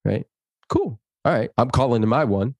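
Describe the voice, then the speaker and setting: An interview guest with a gravelly, mid-range voice tells stories animatedly, acting out the dialogue, then shifts into a slow, earnest, inspirational delivery. The recording is dry.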